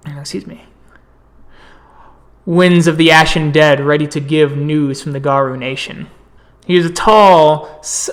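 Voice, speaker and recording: Slow-narrating male game master. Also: on the high side, fairly bright tone.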